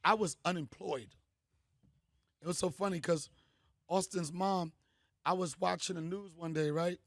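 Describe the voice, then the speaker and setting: A middle-aged man, a comedian host, telling stories in a punchy, animated way. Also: high-pitched, measured pace, no room sound, clean studio sound. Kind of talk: storytelling monologue.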